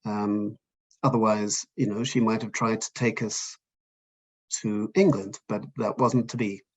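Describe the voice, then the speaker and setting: An older man from Fiji, an author talking in an interview, hesitant and self-deprecating with many pauses and restarts. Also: fairly low pitch, level tone, slightly rough. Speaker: author guest. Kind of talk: conversational interview.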